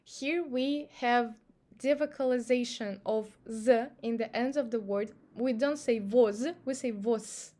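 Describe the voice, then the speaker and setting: A woman's voice: a little high, a little slow, a little mellow. A woman with a Russian accent, a native speaker of Russian, patiently explaining pronunciation rules step by step in a language lesson.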